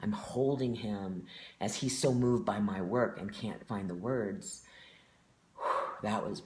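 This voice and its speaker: Slow and fairly low-pitched, this man's voice carries slight background noise. He's a performer in his forties, a guest sharing stories in an interview with sincere, heartfelt openness.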